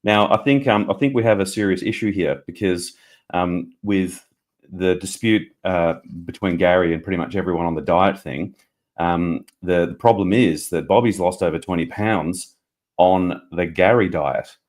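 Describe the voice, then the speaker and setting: A man's voice: low-pitched, normal speed, darkish tone. A middle-aged Australian man calling in to a live fan show, chatty and joking with a laugh. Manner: chatty, laughs often, jokey. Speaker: caller. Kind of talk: casual call-in chat.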